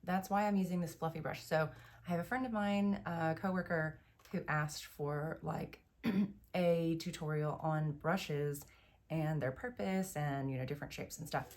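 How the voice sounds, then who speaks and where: A woman's voice: sits low, steady tone, measured pace, a little mellow. A woman hosting a makeup tutorial, chatty and enthusiastic, explaining each step as she goes. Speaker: beauty vlogger.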